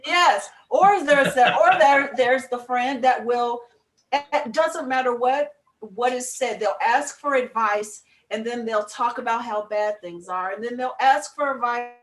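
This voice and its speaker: A woman chatting on a morning talk show, her voice a little high and bouncing off the walls of an echoey room. She talks with emphatic, animated energy and drifts into spiritual reflection. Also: unhurried. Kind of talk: casual chat.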